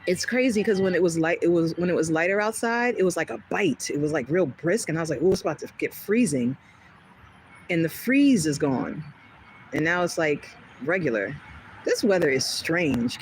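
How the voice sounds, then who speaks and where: A woman hosting a casual livestream from home, chatting with viewers in a rambling, animated way and laughing often. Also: lowish voice, moderate pace, slight background noise, poor audio. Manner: chatty and rambling, jumping between topics. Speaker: livestream host. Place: home in California.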